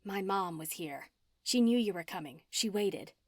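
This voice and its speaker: A woman narrator voicing a remorseful young woman who speaks in a hushed, subdued way. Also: mid-range voice, expressive, moderate pace, no echo, studio quality.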